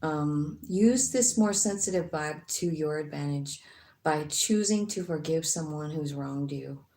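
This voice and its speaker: In an echoey room with faint noise, a woman with a deep, slightly mellow voice reads tarot at a measured pace. Her reading is casual and chatty, rambling along with frequent fillers and a bit of swearing.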